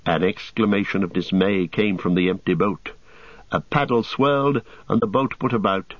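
A man narrating an audiobook with a measured storytelling delivery. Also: fairly low pitch, steady tone, no echo. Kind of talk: scripted narration. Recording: dull audiobook studio sound.

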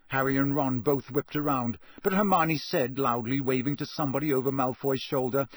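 A man reading a storybook aloud as an audiobook narrator, in a steady, even storytelling manner. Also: medium pitch, normal speed, few pauses, dry recording. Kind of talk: scripted narration.

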